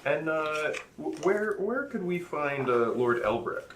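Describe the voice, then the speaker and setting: A man's voice: a little high, very animated, measured pace, reverberant, far from the mic, background noise. Man asking questions at a tabletop game. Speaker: player. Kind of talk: casual tabletop play.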